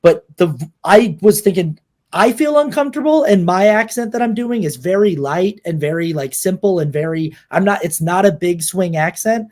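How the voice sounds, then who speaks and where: High-pitched young guy on a movie podcast, chatty, lots of restarts. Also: expressive, moderate pace, a little mellow. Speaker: podcast co-host. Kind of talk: casual film discussion.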